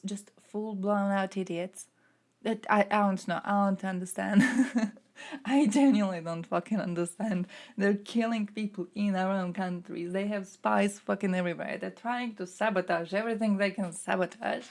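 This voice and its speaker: A woman's voice: mid-range voice, fairly even intonation, moderate pace, a little mellow. A woman streamer ranting angrily and sarcastically, swearing often, in casual live-stream commentary.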